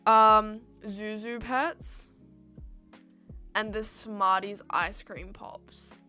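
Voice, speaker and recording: A woman's voice: medium pitch, fairly even intonation, drawn-out words, bright, forceful tone, faint music behind. Chatty young Australian woman. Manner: chatty and rambling, acts out her own remarks in little quoted exchanges. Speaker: streamer answering viewer questions. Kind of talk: casual livestream chat.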